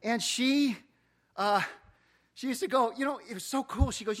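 A man's voice: extremely high pitch, normal speed, pauses often. A middle-aged man preaching as a pastor, telling a story and acting out the dialogue. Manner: animated storyteller, acts out dialogue. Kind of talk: sermon storytelling.

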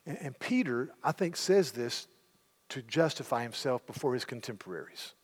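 This is a middle-aged male pastor delivering a sermon in a church sanctuary, vividly narrating and acting out the people in the story in their own voices. He speaks at a moderate pace in a medium, slightly rough voice, and the sound carries a long hall reverb.

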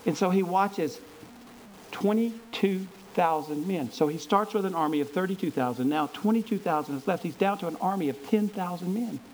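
Male preacher, high voice, enthusiastic storytelling, stumbles over repeated words. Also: moderate pace, darkish tone, a little hiss or hum, low-quality recording. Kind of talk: storytelling sermon.

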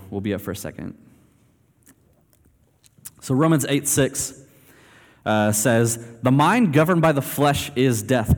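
A man delivers a sermon in a relaxed, chatty way, telling stories with lively swings in his delivery. His medium voice rings out in a big hall with a long reverb tail. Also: medium pitch. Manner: conversational, animated storytelling. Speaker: preacher.

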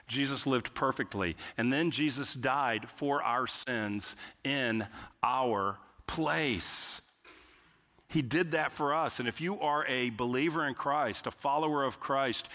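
Emphatic pastor preaching in a reverberant hall. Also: male voice, medium pitch, sharp tone. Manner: emphatic, repeating key phrases. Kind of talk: sermon.

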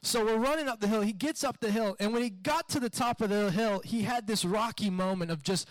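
A high-pitched man delivers a sermon in an animated storytelling way, slipping into acted-out voices. The recording is dry and close, with no room sound. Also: fast talker, few pauses, no room sound. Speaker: pastor.

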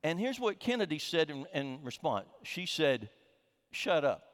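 A man's voice: on the high side, very animated, moderate pace. A middle-aged man preaching a sermon as a pastor, telling a humorous story with frequent restarts, in a reverberant sanctuary. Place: church sanctuary.

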